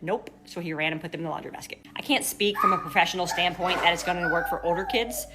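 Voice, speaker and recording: Brief: young mom, low voice, talks fast, practical step-by-step parenting advice to camera. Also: female voice, steady tone, very noisy. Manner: practical, matter-of-fact, explaining step by step. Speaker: mother giving parenting tips.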